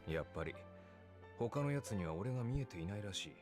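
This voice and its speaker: A man's voice: lowish voice, lively intonation, rapid-fire, darkish tone, soft background music, natural voice. An actor playing a brash young male warrior spirit in a video game, who talks in a blunt, offhand way.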